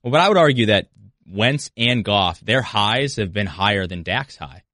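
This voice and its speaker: Male sports radio co-host, expressive pitch, argumentative, dry close sound. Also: normal speed, no echo.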